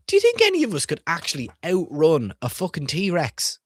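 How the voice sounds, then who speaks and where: A man's voice: on the high side, huge pitch swings, a little fast, few pauses, no room sound. Guy swearing his way through kids books on stream, bouncy up and down voice, dry close sound. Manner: profane, irreverent and jokey; asks the viewers questions. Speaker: streamer reviewing children's books. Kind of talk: casual comedic commentary reading aloud.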